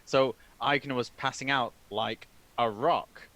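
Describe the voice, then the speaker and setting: A man playing a tabletop game, chatting in an animated, giggly way. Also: medium pitch, takes it slowly, low-quality recording. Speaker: player.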